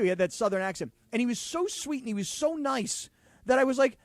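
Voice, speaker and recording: A man's voice: sits high, brisk, dry recording. A man in his fifties co-hosting a sports radio show, telling stories in casual talk and acting out the voices of people he quotes. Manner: animated storyteller acting out quotes.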